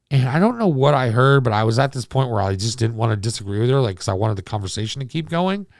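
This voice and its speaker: Gravelly man telling a story, profane. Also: mid-range voice, dry recording, clean studio sound. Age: 40s. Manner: rambling, profane, self-deprecating. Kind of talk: casual storytelling monologue.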